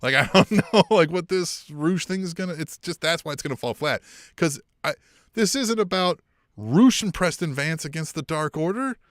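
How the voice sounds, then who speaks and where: A man's voice: on the high side, lively intonation, moderate pace, fairly bright tone, no echo, clean studio sound. A man co-hosting a podcast in casual chat, rambling and profane, laughing often. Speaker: podcast co-host.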